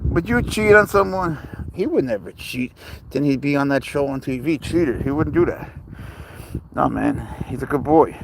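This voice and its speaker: A man's voice: fairly high pitch, animated, moderate pace, vocal fry, background noise. Older male streamer, rambling and chatty, reads chat comments aloud in a casual livestream. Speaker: livestreamer with a pet cat.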